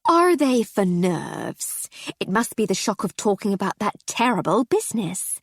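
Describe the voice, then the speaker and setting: A woman voicing a domineering, gaudy upper-class wife in her fifties with a shrill, sharp way of talking. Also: very animated, unhurried, slightly rough, dry recording, studio quality, heavily acted. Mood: sharp, fussing.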